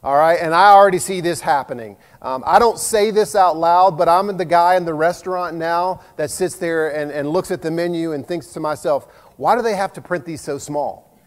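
A pastor in his fifties preaches a folksy, self-deprecating sermon full of jokes, speaking in a fairly high male voice at normal speed with few pauses. Long hall reverb surrounds the recording.

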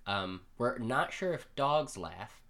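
A man's voice: mid-range voice, sing-song, slow pace, bright, forceful tone. A man co-hosting a casual podcast, rambling and joking as he recaps a story, swearing freely. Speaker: podcast co-host. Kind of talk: casual comic chat.

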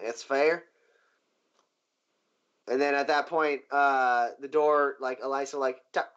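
A man narrating as game master in a tabletop game, halting with many fillers. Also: mid-range voice, steady tone, a bit bright, smooth, highs cut off.

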